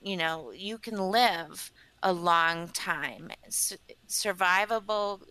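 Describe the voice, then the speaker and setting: A woman's voice: fairly low pitch, takes it slowly, pushed and bright, clean tone, low-quality recording. A woman who works as a scientist and advocate, explaining earnestly in a podcast interview with frequent ums. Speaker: patient advocate and company scientist.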